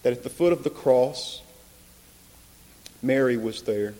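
Namiętny kaznodzieja, powolny, w pogłosie sali. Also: male voice, medium pitch, unhurried. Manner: impassioned, rising to loud emphatic peaks. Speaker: preacher. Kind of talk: sermon. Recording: long reverb of a large hall.

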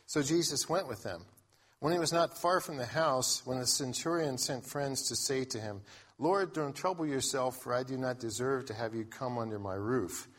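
Here the same kind of sermon comes from a man with a mid-range, fairly bright voice at normal speed. He preaches conversationally, reads scripture aloud, and often starts his sentences over.

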